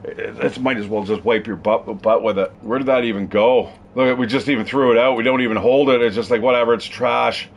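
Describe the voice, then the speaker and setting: A man talks his way through a survival game, chatty and rambling, cursing casually as he goes. His voice sits at an ordinary middle pitch, with a faint hiss and the game's ambience running underneath. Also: fairly even intonation, fast, vocal fry, few pauses, lo-fi sound. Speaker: gaming streamer. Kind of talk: casual gameplay commentary.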